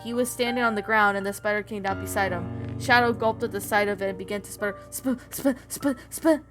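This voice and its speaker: A woman narrating a story in a plain, steady reading voice with small slips. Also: mid-range voice, quick pace. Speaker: story reader. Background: background music.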